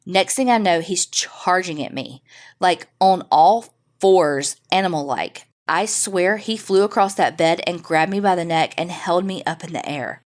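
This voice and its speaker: A woman with a fairly low voice reads a listener's ghost story for her podcast. She builds the tension and slows right down at the scary moments. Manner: dramatic storytelling with slowed suspense beats. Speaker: podcast host. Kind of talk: reading a listener's story aloud.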